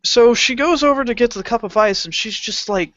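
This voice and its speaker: A man's voice: very high-pitched, fairly quick. A young man co-hosting a podcast, telling a rowdy story about work and cursing freely as he acts out the people in it. The recording is dull and lo-fi, with a dry, close sound and no room echo. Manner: animated storyteller, swears a lot, acts out customers. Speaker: podcast co-host. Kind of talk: casual chat.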